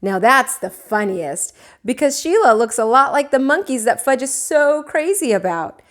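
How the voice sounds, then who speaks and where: A woman teacher reading a children's book aloud, with expressive, animated storytelling. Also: sits high, moderate pace.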